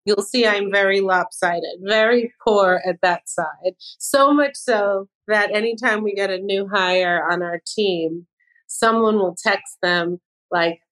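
A woman's voice: mid-range voice, slow pace, fairly bright tone, low-quality recording. A woman in her fifties, a fashion designer guest on a podcast, talking in a candid, self-deprecating way. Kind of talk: casual interview chat.

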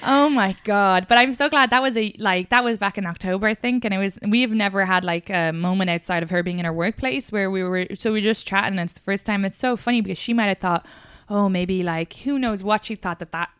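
A young woman hosting a comedy podcast, with a smooth, resonant voice recorded close and dry. She chats casually and tells anecdotes, acting out quoted exchanges with other people. She laughs easily between lines. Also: mid-range voice, brisk, a bit bright, no echo. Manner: chatty storyteller, acts out quoted exchanges, laughs often. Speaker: podcast host, stand-up comedian. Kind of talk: casual chat.

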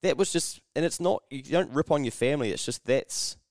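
A man's voice: medium pitch, animated, fairly quick, a little mellow, no room sound, studio quality. A young man with a New Zealand accent, hosting a casual podcast chat, blunt and swearing freely as he tells stories and acts out quoted voices. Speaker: podcast host.

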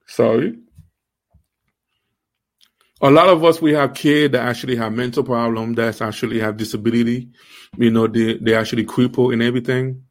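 A man with an accent hosting an online faith series, preaching in an emphatic way with repeated rhetorical questions and halting restarts. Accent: non-native accent. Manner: halting restarts, rising pitch when stressing. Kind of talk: livestream preaching.

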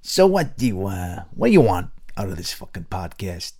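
A man's voice: deep voice, sing-song, normal speed, dark tone. A man doing an impression of a foul-mouthed, swaggering male podcast mentor with a New York-New Jersey accent. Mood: brash, needling. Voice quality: gruff, swaggering tough-guy patter.

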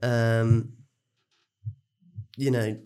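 A man's voice: medium pitch, level tone, very slow, mellow, clean tone. Laughing man co-hosting. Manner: laughs often, trails off. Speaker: podcast co-host. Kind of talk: casual film chat.

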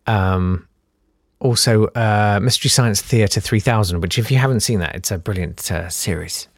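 A man hosting a casual podcast, animated and sardonic, often jumping into high mocking voices. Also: normal speed, dry recording, clean studio sound. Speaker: podcast host. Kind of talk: casual solo podcast chat.

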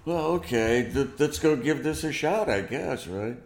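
A man with a gravelly, creaky voice, telling a story in an animated way and acting out what people said. He sounds like he is in a roomy space with some echo. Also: mid-range voice, measured pace. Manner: animated, acts out quoted dialogue. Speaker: guest musician. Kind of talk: storytelling interview.

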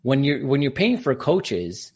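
A man from Canada, a professional speaker appearing as a guest on a podcast, talking in a confident, upbeat way in quick bursts. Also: medium pitch, very animated, breathy edge. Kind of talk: casual podcast interview.

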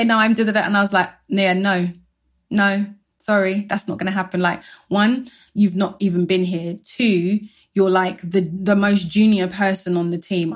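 A woman, a guest retelling a personal story in a brisk, animated way, acting out what people said. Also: mid-range voice. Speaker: interview guest.

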